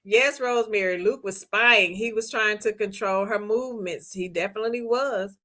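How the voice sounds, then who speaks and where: A woman, hosting a book club discussion. She talks in a chatty, animated way, laughs often and reads viewer comments aloud. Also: medium pitch, normal speed. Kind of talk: casual book discussion recap.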